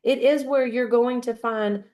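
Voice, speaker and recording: A woman's voice: a little high, fairly even intonation, unhurried, darkish tone. A woman in her fifties, a guest speaker giving a fired-up motivational talk full of storytelling.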